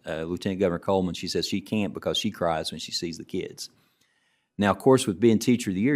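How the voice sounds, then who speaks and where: A middle-aged man with a notably low voice gives presentation remarks as an education commissioner. He talks in a relaxed, anecdotal way, restarting phrases as he goes. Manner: relaxed storytelling, frequent restarts. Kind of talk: presentation remarks to a student council.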